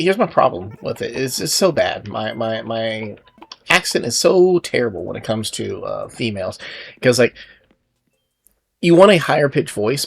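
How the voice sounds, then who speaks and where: A man's voice: mid-range voice, vocal fry, husky. A man casually chatting while he plays a video game, rambling and self-deprecating, with many fillers and restarts. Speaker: gaming video host. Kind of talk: casual gameplay commentary.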